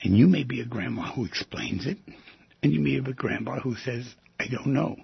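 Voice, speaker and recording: Gravelly, husky man hosting a call-in show. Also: mid-range voice, a little fast, dry recording, highs cut off. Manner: questioning, teasing, animated with sudden loud bursts. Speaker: radio call-in host. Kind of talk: talk radio monologue.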